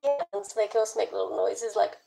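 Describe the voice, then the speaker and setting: In an echoey room with faint music in the background, a young woman talks fast in a creaky, dark-toned, medium-pitched voice. It's casual live-stream chat, playful and aimed at her pets as well as her audience.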